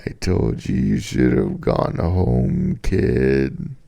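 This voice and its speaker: Man putting on a creepy old man, slow, taunting, low, gravelly. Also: lively intonation, dark tone, exaggerated voice. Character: sinister old man with vicious dogs.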